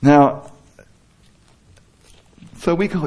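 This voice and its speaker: A man's voice: medium pitch, unhurried, a little mellow. A man giving an informal sermon, talking conversationally and stopping to rephrase as he quotes scripture. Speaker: preacher.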